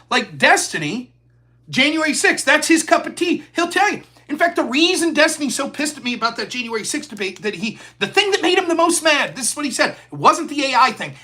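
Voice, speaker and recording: A man's voice: extremely high pitch, sharp tone. A man of forty hosting a live stream, talking in a profane, heated rant. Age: 40s. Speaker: host.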